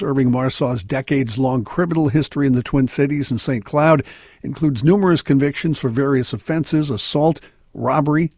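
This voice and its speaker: A man reads news stories on talk radio in a steady, measured voice. His tone is a little husky, and the studio sound is dry and close. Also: mid-range voice, dry recording. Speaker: news reader on a radio show.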